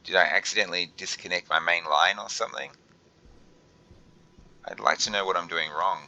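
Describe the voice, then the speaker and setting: A man's voice: low voice, normal speed, gravelly, bright, forceful tone, poor audio. A young man thinking aloud while he plays a game, often flustered, with many fillers and restarts. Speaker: gaming video host. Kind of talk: let's play commentary.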